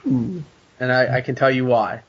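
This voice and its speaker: A man's voice: medium pitch, a little slow, slightly rough. Fired-up man telling a story, lo-fi. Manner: animated storytelling, swears a lot. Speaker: podcast guest. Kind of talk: casual chat. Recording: dull lo-fi podcast audio.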